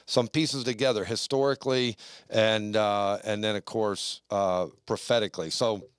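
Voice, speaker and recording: A male podcast host with a smooth, clear voice, recorded close and dry. He chats in a loose, rambling way and leans on fillers. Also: fairly low pitch, steady tone, moderate pace, dry recording. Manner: chatty, rambling with many fillers. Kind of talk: casual podcast conversation.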